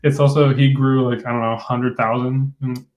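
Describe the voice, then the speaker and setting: A man co-hosting a casual livestream chat, talking in a relaxed, chatty way. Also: mid-range voice, brisk, poor audio. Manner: relaxed, even-toned, chatty.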